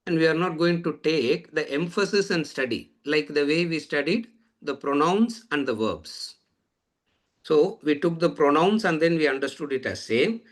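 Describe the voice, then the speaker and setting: A Vedanta teacher lectures on scripture, repeating phrases and posing rhetorical questions. His voice sits a little high and is expressive, moving at a moderate pace.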